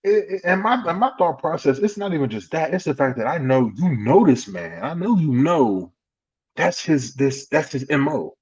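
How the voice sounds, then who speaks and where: A man chimes in on a podcast with short, emphatic remarks. His pitch moves a lot, and he sits a little high. The sound is slightly dull and lo-fi. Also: big pitch swings, normal speed, darkish tone. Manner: interjecting, emphatic, short repeated words. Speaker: podcast co-host. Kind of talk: casual podcast banter.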